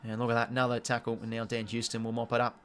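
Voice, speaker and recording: A young Australian man calls a football match live from home as it unfolds on screen. He talks in a casual, running commentary with sudden excited bursts, offhand swearing and a self-mocking streak. His pitch sits in the middle for a man. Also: rapid-fire, a little hiss or hum. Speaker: watch-along host.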